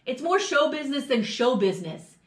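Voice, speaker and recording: Blunt, profane high-voiced woman. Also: big pitch swings, a little fast. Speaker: podcast co-host. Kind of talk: casual chat. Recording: echoey room.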